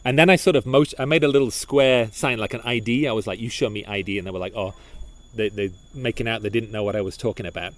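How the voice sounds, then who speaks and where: A man co-hosting a podcast, telling a story in casual chat, animated and full of restarts and repeated words. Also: medium pitch, fast. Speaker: podcast co-host.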